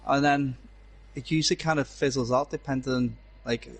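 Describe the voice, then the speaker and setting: A man from the Wirral with a Scouse accent, his voice at an ordinary middle pitch. He talks fast and jokey, calling lap times and bantering with viewers' comments. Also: fairly even intonation, husky. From Wirral, North West England. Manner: quick, bantering, reads out viewer chat. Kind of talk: casual live sim-racing commentary.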